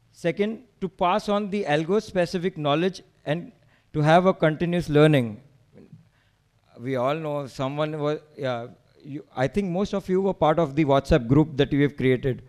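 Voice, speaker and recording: A man's voice: a little high, darkish tone. A man with an Indian accent giving an emphatic slide presentation to a meetup, rallying the audience with rhetorical questions.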